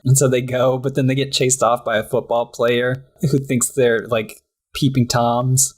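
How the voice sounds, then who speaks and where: Man, podcast co-host, easygoing recap chat, pops into silly high voices. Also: flat delivery, normal speed, breathy edge. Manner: chatty, acts out lines in high voices, laughs often. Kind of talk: casual chat recapping a cartoon.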